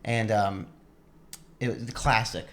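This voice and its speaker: A young man co-hosting a podcast, telling a story in a casual, laughing, animated way. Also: on the low side, measured pace. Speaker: podcast co-host.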